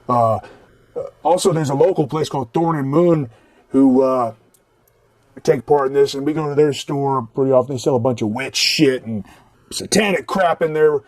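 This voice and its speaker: A man's voice: mid-range voice, darkish tone, no echo. A man hosting a podcast, telling a rambling, profane story in blunt casual talk. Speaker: podcast host.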